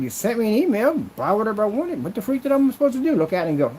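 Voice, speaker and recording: A man's voice: a little high, very animated, fast, few pauses, a little mellow, a little hiss or hum, low-quality recording. A man who makes projection screens, ranting in a casual vlog with an aggrieved, rambling, repetitive way of talking. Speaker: projection screen maker and seller.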